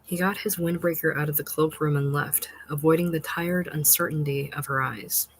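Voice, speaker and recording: Measured, expressive short-story narrator. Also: medium pitch, rough recording. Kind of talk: literary short-story reading.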